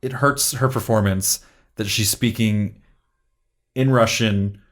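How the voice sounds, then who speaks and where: A man's voice: on the low side, steady tone, slow, fairly bright tone. A young man co-hosting a casual movie review podcast, stammering through restarts and trailing off. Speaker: podcast co-host.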